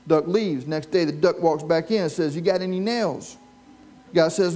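A male pastor with a fairly high, mellow voice preaches at normal speed to a live congregation in church. He tells stories and asks the congregation questions as he goes.

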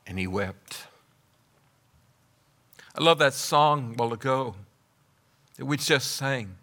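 A male pastor preaching a sermon with emphatic, rhythmic repetition that builds to loud declarations. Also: medium pitch, lively intonation, slow, long pauses.

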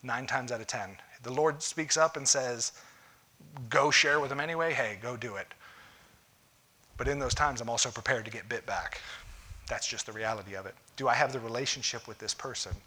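A man's voice: medium pitch, moderate pace, pushed and bright, husky. A man preaching a conversational sermon, folksy and direct, often acting out what people say. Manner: folksy, talks straight to listeners, acts out quoted voices. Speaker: pastor.

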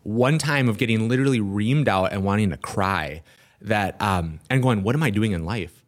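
A man's voice: lowish voice, moderate pace. A man, an entrepreneur, telling a story in an interview and acting out the dialogue of the people in it. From Minnesota. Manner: lively storyteller who acts out quoted dialogue. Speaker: guest entrepreneur.

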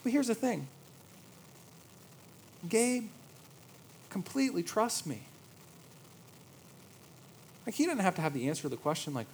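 A man in his thirties preaching a sermon, moving between quiet reverent passages and lively storytelling. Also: sits high, a little slow, long pauses, slight background noise, rough recording. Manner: storytelling, swings from hushed awe to lively anecdote. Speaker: pastor.

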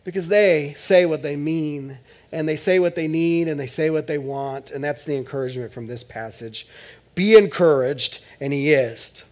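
A male pastor preaching a sermon in church in a conversational, joking way, swinging between loud bursts and hushed asides. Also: on the high side, steady tone, normal speed.

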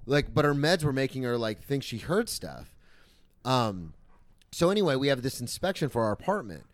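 A young man on a podcast, telling a story in casual chat, swearing and acting out quotes loudly. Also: medium pitch, very animated, normal speed. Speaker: podcast co-host.

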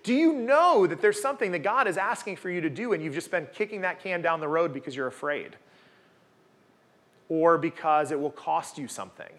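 A man's voice: on the high side, lively intonation, a little fast, fairly bright tone. Conversational man in his forties preaching. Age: 40s. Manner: conversational, rhetorical questions with frequent "right?". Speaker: guest preacher. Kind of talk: sermon. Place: church gathering room.

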